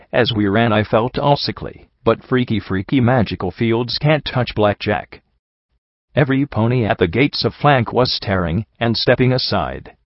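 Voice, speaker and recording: Man narrating a first-person story, fairly low voice, dry close sound, slightly muffled, even understated reading. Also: no room sound. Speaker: audiobook narrator.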